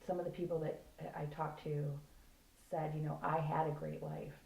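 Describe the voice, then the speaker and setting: Gravelly low woman interviewer in echoey room. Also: level tone, normal speed, a little mellow. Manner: encouraging, rambling prompts with fillers. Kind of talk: coaching interview. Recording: echoey room with faint background noise.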